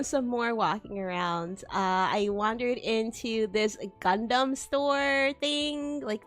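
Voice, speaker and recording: A young woman with a high, bright-sounding pitch chats casually on a stream and tells a story with animated energy. She laughs often and curses freely. Soft music plays faintly underneath. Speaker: VTuber streamer. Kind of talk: casual chat.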